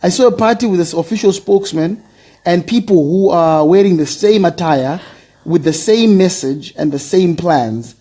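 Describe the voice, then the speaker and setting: A man from Zimbabwe with a raspy voice, co-hosting a casual chat show and playfully shouting out listeners by name. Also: high-pitched, normal speed. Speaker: podcast co-host.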